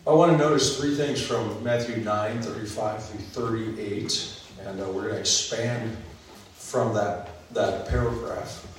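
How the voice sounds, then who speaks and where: A man's voice: fairly low pitch, steady tone, measured pace. A man preaching a sermon, earnest, building up in places, with frequent ums and restarts. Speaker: pastor. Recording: echoey hall from far off, faint noise.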